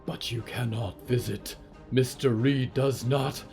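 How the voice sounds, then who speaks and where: Stitched creature, stiff and formal, fearful servant, voice set a touch higher and thinner, as the storyteller puts it on. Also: male voice, fairly even intonation, takes it slowly, darkish tone, soft background music. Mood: stiff, uneasy. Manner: stiff formal speech without contractions.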